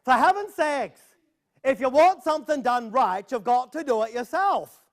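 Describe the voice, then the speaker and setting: A man puts on a fussy old grandmother in a storybook tale. Her voice rises high and fretful, quick with impatience. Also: expressive. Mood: exasperated.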